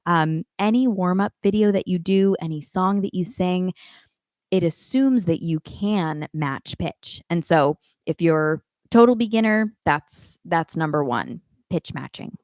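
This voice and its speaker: A woman teaching a live online singing class, giving calm instructions and demonstrating warmup sounds herself. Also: fairly low pitch, unhurried, dry recording. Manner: coaching, demonstrates vocal exercises between instructions. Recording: dry close sound with faint piano.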